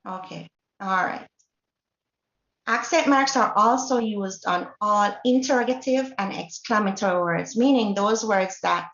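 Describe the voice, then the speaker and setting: A woman's voice: mid-range voice, fairly bright tone. Jamaican woman teaching a Spanish lesson. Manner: explanatory, checks in with the class. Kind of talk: classroom lesson. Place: classroom or workshop hall. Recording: roomy, dull lo-fi recording.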